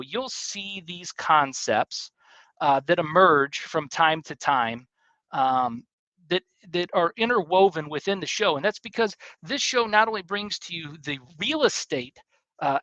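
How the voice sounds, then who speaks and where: A man's voice: on the high side, fairly bright tone, no room sound, lo-fi sound. A man hosting his show, giving an earnest teaching monologue with repeated, preacherly emphasis. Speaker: show host.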